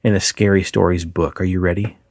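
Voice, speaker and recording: A man's voice: low voice, brisk, dry recording, studio quality. A man co-hosting a casual podcast, reading spooky stories aloud and joking with his co-host. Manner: animated, reads stories aloud with chuckles.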